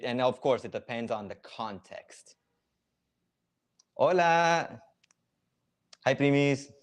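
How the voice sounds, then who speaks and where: Low-voiced man chatting on a live stream. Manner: casual and explanatory, with many fillers. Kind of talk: casual live reaction stream, explaining slang. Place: lives in Ecuador.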